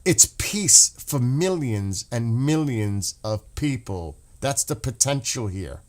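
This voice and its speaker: A man talking off the cuff to his livestream viewers, impassioned and openly emotional. He rambles, restarts his sentences and swears when upset. His voice sits at an ordinary middle pitch. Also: lively intonation, takes it slowly, a little mellow. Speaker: livestream host. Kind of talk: casual livestream commentary.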